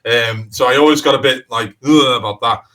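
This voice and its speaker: Scouse guy rambling in an interview, lots of you knows, bright punchy voice. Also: medium pitch, a little fast, low-quality recording. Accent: Liverpool (Scouse). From Liverpool, England. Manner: rambling, restarts often, frequent "you know". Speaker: crime author, interview guest. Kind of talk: casual interview conversation.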